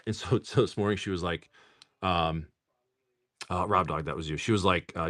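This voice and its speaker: A man's voice: sits low, animated, fairly quick, sharp tone. A middle-aged man hosting a casual live stream. He jokes, laughs often, swears freely and rattles off card names while opening packs.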